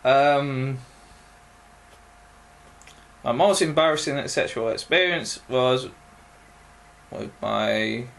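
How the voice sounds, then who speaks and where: A young man answering viewer questions in a casual video, halting and full of ums. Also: medium pitch, creaky, a bit bright. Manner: slow, halting, many ums and pauses. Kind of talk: casual Q&A vlog.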